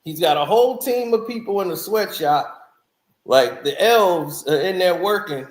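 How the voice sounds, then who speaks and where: A man with a high voice, talking slowly in casual, opinionated commentary. He laughs often and throws in mocking asides. His voice rings in a roomy, echoey space. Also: expressive. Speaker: music reviewer vlogger.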